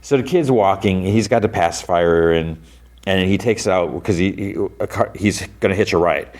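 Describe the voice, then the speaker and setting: Low-voiced man rambling through a recap. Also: moderate pace, a little mellow. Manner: rambling retelling full of "like" and "you know". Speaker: podcast host. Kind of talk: casual episode recap.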